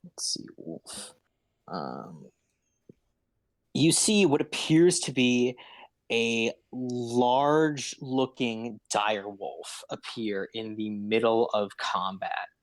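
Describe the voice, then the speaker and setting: A man narrating a tabletop game as game master, unhurried and full of ums and uhs. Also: medium pitch, animated, no room sound.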